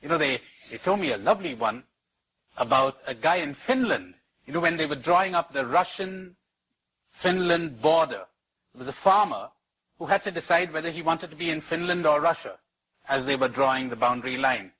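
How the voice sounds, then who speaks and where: Slightly high, husky male spiritual teacher; slow, emphatic delivery with anecdotes and repeated phrases. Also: expressive, sharp tone, low-quality recording. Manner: slow and emphatic, with repetition and wide pitch swings; storytelling with anecdotes. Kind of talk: spiritual talk to an audience.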